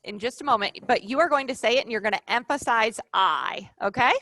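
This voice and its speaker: A woman's voice: fairly high pitch, a little fast, sharp tone, dry recording. A woman leading a live online training session over a video call, upbeat and coaxing the participants.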